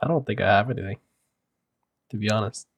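A young man co-hosting a casual gaming podcast, talking in a low-key way with brief replies. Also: fairly quick, creaky, breathy edge, dry recording, dull audio. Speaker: podcast co-host.

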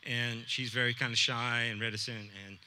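Storyteller, male, bright and clear tone, earnest conversational delivery, faint room hum. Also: mid-range voice, little pitch movement, normal speed. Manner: earnest, conversational, with quoted dialogue. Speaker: storyteller at a live event. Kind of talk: personal storytelling to an audience.

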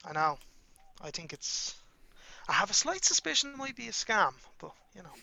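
A man's voice: high voice, very animated, normal speed, creaky, pushed and bright. An Irish man on a casual podcast, telling a rambling anecdote full of fillers and acting out both sides of the exchange. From Ireland. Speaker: podcast co-host. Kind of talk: casual anecdote among friends.

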